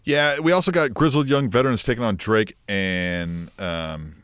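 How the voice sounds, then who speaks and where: Animated man recapping wrestling, dry mic. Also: fairly low pitch, moderate pace, clear, resonant tone, dry recording. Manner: animated, acts out quotes, swears. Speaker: podcast co-host. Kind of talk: casual wrestling recap chat.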